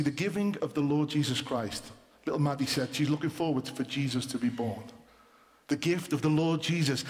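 Man, pastor, emphatic sermon delivery, repeated phrases, long hall reverb. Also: a little high. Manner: emphatic, repeats points, slows for stress.

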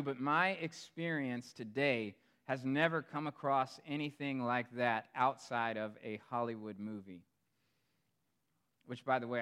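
A pastor preaching a sermon in a storytelling manner, swinging between hushed asides and emphatic, louder passages. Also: male voice, a little high, clear, resonant tone.

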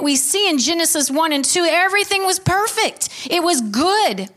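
High-voiced woman preaching emotionally. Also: fairly bright tone. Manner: emotional, emphatic preaching with restarts. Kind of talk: sermon. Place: church hall before a congregation.

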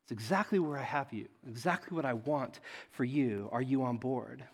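God as a hushed, tender father , put on by a preacher, lower and quieter than his preaching, echoey hall. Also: a little fast. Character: God, calm fatherly divine voice, reassuring.

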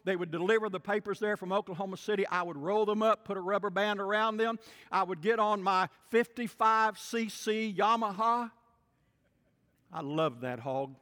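A man preaching a sermon as pastor, telling stories and swinging between booming and hushed delivery. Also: fairly even intonation, brisk, big-room sound. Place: church sanctuary.

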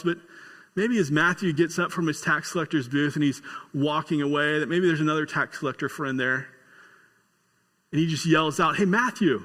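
A male pastor preaching a sermon with folksy humor and storytelling, building to excited emphasis. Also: fairly high pitch, long reverb tail.

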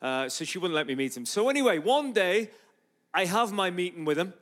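Animated man preaching a story. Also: high-pitched, brisk. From Ireland. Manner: animated storyteller who acts out dialogue. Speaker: guest preacher and street evangelist. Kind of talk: storytelling sermon. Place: church.

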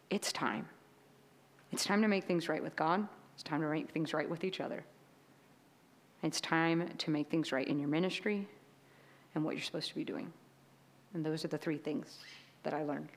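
A woman giving a sermon in a chatty, conversational way, often checking in with "right?". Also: low-pitched. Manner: chatty, tags lines with "right?". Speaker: preacher.

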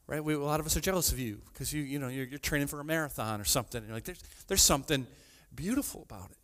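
A man preaching a sermon in a casual, conversational way, often asking "right?", restarting sentences, and reading scripture slowly in a lower voice. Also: a bit bright, long reverb tail. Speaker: pastor.

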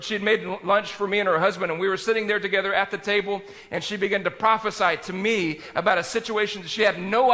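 A man preaching a sermon as pastor, talking in a conversational way that swings between loud and quiet. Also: high voice, in a large hall.

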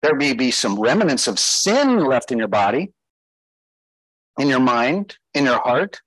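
A man's voice: mid-range voice, big pitch swings, unhurried, a bit bright, husky, no echo, poor audio. A man preaching a sermon as pastor, emphatic, putting rhetorical questions to his listeners.

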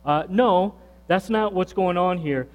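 Slow, high-voiced preacher in a reverberant hall. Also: male voice. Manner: emphatic preacher, repeats phrases, asks the congregation questions. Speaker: pastor. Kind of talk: sermon. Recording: reverberant hall with faint mains hum.

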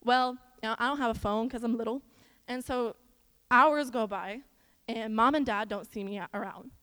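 A young woman from Iowa giving a chatty church lesson in an animated way, with stories and asides to the listeners. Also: on the high side, moderate pace, clean tone. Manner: animated, talks straight to the audience with asides. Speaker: church speaker. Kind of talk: chatty sermon with storytelling. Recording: long hall reverb.

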